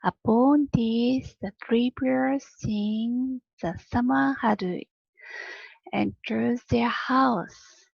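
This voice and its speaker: A woman teacher reads a storybook aloud very slowly, pausing often. Her voice is husky and gravelly and sits a little high. The recording is dry and dull. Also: fairly even intonation, no echo. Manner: slow, deliberate reading with drawn-out pauses. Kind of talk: reading a storybook aloud to children.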